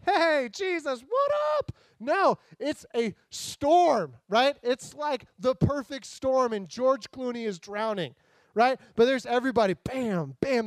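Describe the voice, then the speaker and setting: A man's voice: high voice, no echo. A man preaching a casual, jokey sermon, acting out the characters in the stories. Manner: animated, jokey, acts out voices. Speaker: pastor.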